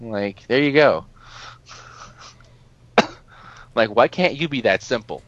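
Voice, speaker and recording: A man telling a story in casual chat, animated and exasperated, swearing freely and laughing often as he talks. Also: medium pitch, takes it slowly, dull audio. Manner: laughs often while talking. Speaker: podcast co-host telling a story.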